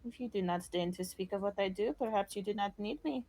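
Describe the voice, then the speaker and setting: A woman's voice: medium pitch, fast, warm tone, close to an everyday voice. A woman voicing a cold, aloof female champion warrior who talks in a curt, dismissive way.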